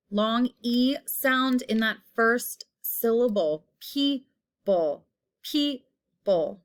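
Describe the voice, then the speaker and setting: Slow, careful woman teaching phonics. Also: medium pitch, fairly bright tone. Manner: slow, repeating each word clearly and stretching vowel sounds. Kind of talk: phonics lesson.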